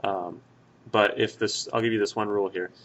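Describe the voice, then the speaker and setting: Over a screen recording, a young male Spanish teacher walks through a grammar lesson, pointing methodically at each example in turn. His voice is on the low side and a bit bright, with a steady tone at a moderate pace, and his manner stays plain and easygoing.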